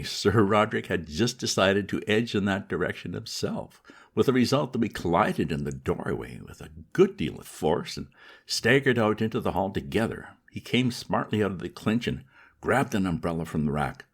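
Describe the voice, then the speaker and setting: A man reading a comic novel aloud as narrator, in a lively storytelling manner. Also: sits low, moderate pace, vocal fry, husky. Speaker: audiobook reader. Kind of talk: scripted narration.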